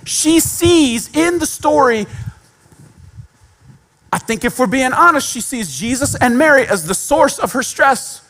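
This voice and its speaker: High-voiced man preaching conversationally. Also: expressive, a little slow, fairly bright tone. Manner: conversational, self-deprecating humor, repeats points for emphasis. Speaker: pastor. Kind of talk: sermon.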